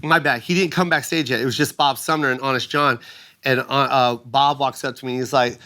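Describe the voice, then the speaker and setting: A middle-aged man tells a story on a casual podcast, full of energy. When he acts out other people's lines, his voice jumps up high and gets loud. His own voice sits at an ordinary pitch. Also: quick pace. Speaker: guest comedian.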